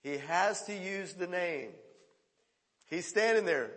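A male pastor preaching a sermon, swinging between loud calls and hushed quoted lines. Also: high-pitched, a little slow, big-room sound.

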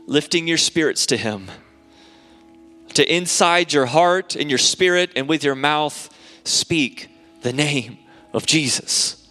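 A man's voice: a little high, pushed and bright. A man preaching a sermon as a pastor, earnest and repetitive, building to fervent prayer. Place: church sanctuary. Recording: long hall reverb in a church.

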